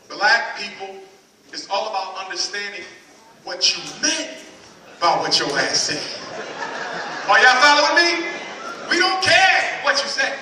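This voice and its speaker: A man with a very high, sharp, piercing voice lectures a live audience with emphatic force, firing questions at the crowd and climbing to shouts. He is heard from far off in an echoey hall with faint background noise. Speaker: public lecturer.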